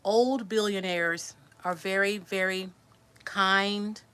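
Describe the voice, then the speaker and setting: A woman's voice: mid-range voice, fairly even intonation, slow pace, bright, forceful tone, clean tone. A woman in her sixties telling a personal story to her viewers in a chatty, rambling way, restarting words and answering comments while resting after surgery. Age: 60s. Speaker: vlogger.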